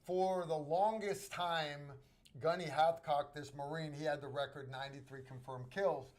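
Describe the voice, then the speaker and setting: A man's voice: a little high, steady tone. Chatty American man telling a story. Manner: rambling, halting storyteller with many restarts. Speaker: host. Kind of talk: casual storytelling on a livestream.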